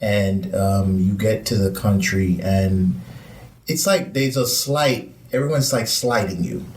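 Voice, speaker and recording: A man in a casual chat, soft and agreeable, hesitant with lots of fillers. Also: on the low side, takes it slowly. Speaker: podcast co-host. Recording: roomy echo, distant mic.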